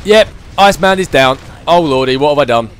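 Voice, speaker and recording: Man, let's play commentary, chatty, excitable, thinking aloud, slightly high voice. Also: fairly quick, a little hiss or hum. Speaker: gaming channel host.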